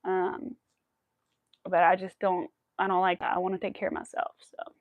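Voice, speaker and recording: Emotional woman with a gravelly voice. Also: on the low side, flat delivery, normal speed, no echo, phone-quality sound. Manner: rambling with many fillers. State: emotional, near tears. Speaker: crochet livestream host. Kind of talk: casual live stream chat.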